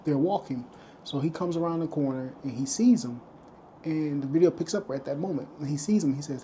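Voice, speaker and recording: A man's voice: on the high side, a little fast, warm tone, a little hiss or hum. A man vlogging, casually retelling a story to camera and acting out the lines of the people in it. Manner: retells events loosely, acting out quoted lines.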